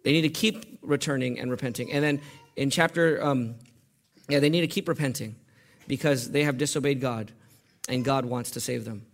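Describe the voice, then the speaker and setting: A male pastor preaching a sermon, quizzing his congregation with questions and building to loud, impassioned peaks. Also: medium pitch, moderate pace. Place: church.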